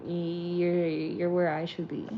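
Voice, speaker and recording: A woman with a slightly low voice talks in a loose, rambling way, swearing freely as she chats through a late-night vlog. She is recorded inside a car, and the audio is a bit muffled and lo-fi. A faint hum of car noise runs underneath her voice. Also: completely flat delivery, takes it slowly. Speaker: streamer and vlog host. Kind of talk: casual late-night chat.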